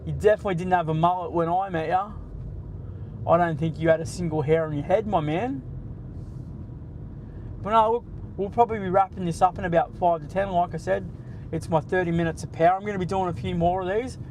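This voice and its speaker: A high-voiced Australian man in his late forties talks bluntly and swears freely as he banters with viewers on a live stream. He is driving, with a faint hum of traffic behind him. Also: steady tone, a little fast, darkish tone, poor audio. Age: 40s. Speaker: livestream host. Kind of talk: casual live-stream chat while driving. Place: in a car.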